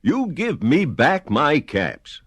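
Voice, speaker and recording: A man's voice: high voice, level tone, extremely slow, a bit bright, clear, resonant tone, no room sound, pitched above the performer's own voice, heavily acted. A man doing a scolding cap peddler. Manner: scolding, shaking a finger. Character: frustrated old cap peddler, growing angry.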